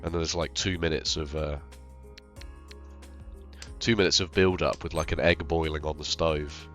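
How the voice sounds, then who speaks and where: A man with a very low voice comments casually on his own game. He is unwell and thinks aloud, rambling and poking fun at his own choices. Quiet game music runs in the background. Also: steady tone, normal speed. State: ill. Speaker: game streamer.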